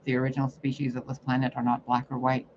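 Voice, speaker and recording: A man's voice: medium pitch, completely flat delivery, fast talker, darkish tone. A man delivering a profane, confrontational spiritual rant as a psychic reader. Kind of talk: ranting spiritual monologue. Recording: muffled lo-fi recording, faint noise.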